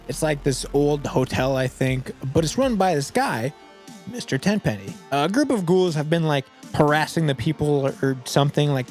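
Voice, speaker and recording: A young man rambles through casual game commentary and fills his speech with "like." His voice sits a little high. Faint music plays softly underneath. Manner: rambling, heavy use of "like". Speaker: gaming video creator.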